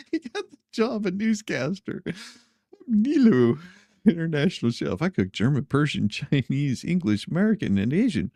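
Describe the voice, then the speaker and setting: A man's voice: high-pitched, a little mellow, no room sound, clean studio sound. A man hosting a casual news commentary show, laughing often and teasing the stories he reacts to. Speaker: host.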